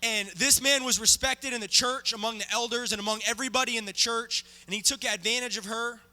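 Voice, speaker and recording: Man, preaching, very bright tone, dramatic storytelling. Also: very high-pitched, fairly even intonation, fairly quick. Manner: dramatic, acts out the story with volunteers. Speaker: guest preacher. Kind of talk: sermon storytelling. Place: church sanctuary. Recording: reverberant church hall.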